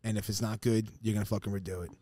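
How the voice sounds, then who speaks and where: A man co-hosting a podcast, telling stories in a casual, profane, animated way and acting out the people in them. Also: fairly low pitch, racing. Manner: animated, profane, acts out quoted voices. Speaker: podcast co-host. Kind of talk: casual chat, storytelling.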